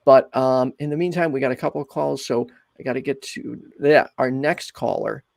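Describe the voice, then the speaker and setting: A man hosting a call-in show, talking in a relaxed, friendly way with many fillers. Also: mid-range voice, moderate pace, gravelly, dry recording. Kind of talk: casual call-in talk.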